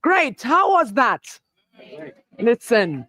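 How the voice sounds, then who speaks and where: A woman's voice: sits high, lively intonation, measured pace, dry recording. A woman hosting a live youth event, playful and teasing as she rallies the crowd. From South Africa. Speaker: event host. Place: event venue.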